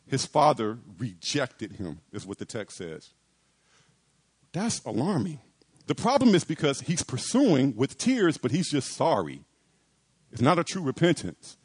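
A man's voice: mid-range voice, wildly swooping pitch, unhurried, husky. A man preaching a sermon, asking rhetorical questions, repeating phrases and acting out quoted pleas.

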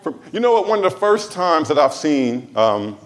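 A pastor from Los Angeles preaching in church, his somewhat high voice swinging widely up and down. He talks to the congregation in a loose, conversational way, mixing humor and side remarks into the sermon. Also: very animated, normal speed. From Los Angeles, USA.

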